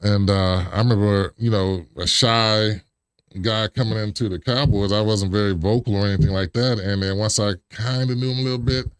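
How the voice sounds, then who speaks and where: A man in his forties, a guest on an interview show, telling stories in a casual, animated way and acting out old conversations. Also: normal speed, clear, resonant tone, no room sound. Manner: animated, acts out remembered dialogue with big pitch jumps, chuckles. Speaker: interview guest, former pro football lineman.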